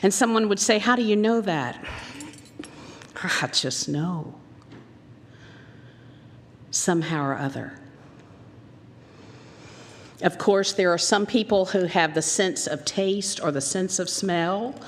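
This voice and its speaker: A woman minister with a Southern American accent delivers a storytelling sermon. Her voice sits slightly low and she brings the quoted people to life. The sound carries a long reverb from the church hall. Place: church sanctuary.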